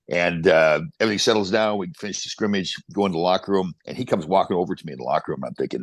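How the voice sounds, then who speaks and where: Fast-talking deep-voiced man in his 60s. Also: no room sound. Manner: animated storyteller, quick restarts. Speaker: podcast guest, former pro hockey player. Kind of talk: casual storytelling interview.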